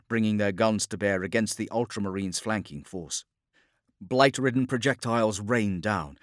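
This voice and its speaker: A man narrating a war story as a scripted audiobook, in a steady, dramatic storytelling delivery. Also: low-pitched, no room sound, studio quality.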